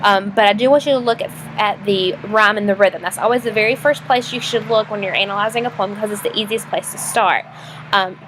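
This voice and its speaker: Recording a lesson video, a teacher talks in a relaxed, chatty manner, frequently stopping for fillers and starting her sentences over. Her medium-pitched voice has a fairly bright tone, and passing trucks add slight background noise.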